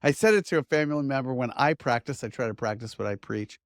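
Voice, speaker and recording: A man's voice: medium pitch, fast, no room sound, studio quality. A middle-aged man, a media trainer, giving an upbeat, conversational lesson to camera. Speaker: media trainer and course instructor. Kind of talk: instructional talk to camera.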